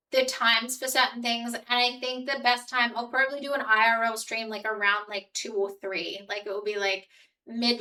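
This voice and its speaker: A woman's voice: fairly high pitch, sharp tone, distant mic, rough recording. A woman with an Australian accent, chatting casually with her live-stream audience and rambling with lots of "like". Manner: chatty, rambling, heavy use of "like".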